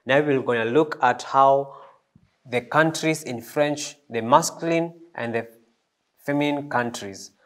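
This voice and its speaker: Slow, hesitant man teaching a lesson. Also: mid-range voice, a bit bright. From East Africa. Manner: slow, hesitant, many fillers and restarts. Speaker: French teacher. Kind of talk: classroom lesson.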